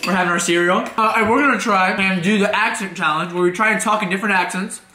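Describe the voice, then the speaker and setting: A man's voice: high voice, steady tone, quick pace, sharp tone. A young man from Alabama, a family vlogger, talking casually and playfully with lots of fillers. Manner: chatty, filler-heavy, playful. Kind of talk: casual vlog talk. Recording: echoey room with faint music.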